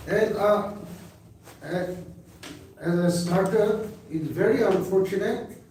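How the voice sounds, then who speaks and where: A man giving a slow, emphatic statement at a press briefing, repeating words and pausing with fillers. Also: high-pitched, a little mellow. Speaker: party spokesperson at press briefing. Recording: echoey room, mic far off, faint hiss.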